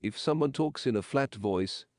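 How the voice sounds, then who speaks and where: A man narrating an English lesson in slow, measured, explanatory sentences. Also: mid-range voice, lively intonation, a little mellow, no room sound, clean studio sound.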